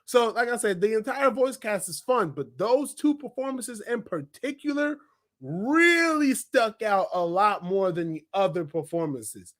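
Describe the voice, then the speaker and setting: A young man giving a casual, rambling film review, full of excited asides and filler words. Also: high voice, a little slow. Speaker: movie reviewer.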